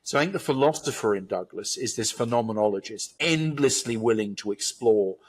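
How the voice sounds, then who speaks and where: A man's voice: medium pitch, animated, fairly quick. A man in a reflective conversation, talking in a thoughtful, expansive, philosophical way. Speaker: guest commentator.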